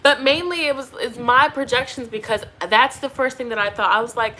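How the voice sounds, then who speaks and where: A woman's voice: fairly high pitch, steady tone, a little fast, few pauses, pushed and bright, a little hiss or hum. A pregnant young woman doing a tarot reading, chatting casually with viewers and laughing often. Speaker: tarot reader.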